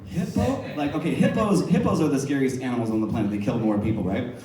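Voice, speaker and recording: A man's voice: mid-range voice, quick pace, dark tone. A man telling a comic story on stage, laughing through his own punchlines. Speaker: stand-up comedian. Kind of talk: stand-up comedy storytelling. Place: live comedy venue. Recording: echoey room, heard from a distance.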